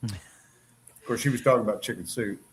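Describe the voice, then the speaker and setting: A man's voice: lowish voice, moderate pace, background noise. A man on a casual chat panel, speaking in a folksy, anecdotal way.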